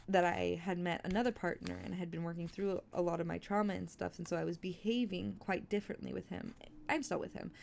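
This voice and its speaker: A woman's voice: mid-range voice, creaky, slight background noise. A young adult woman streaming, chatting candidly and rambling, swearing freely between book readings. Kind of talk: casual livestream chat.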